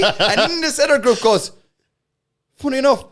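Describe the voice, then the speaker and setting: A man's voice: very high voice, fairly quick. A man with a Cork Irish accent, a guest comedian telling a story casually and acting out the voices in it. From Cork, Ireland. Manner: animated, acts out voices in his stories.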